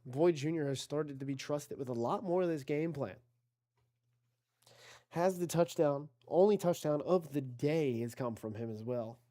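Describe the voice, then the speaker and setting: A man's voice: fairly high pitch, measured pace, warm tone. A man giving casual play-by-play commentary on an online video game football league, chatty and self-correcting, talking to his chat and rising on big plays.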